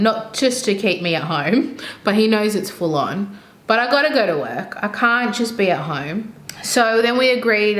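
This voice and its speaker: A woman's voice: mid-range voice, fairly bright tone. A young woman and mother chatting casually while she does her makeup, rambling and thinking aloud as she goes. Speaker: beauty vlogger and mother. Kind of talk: casual get-ready-with-me chat. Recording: roomy echo with faint ambient noise.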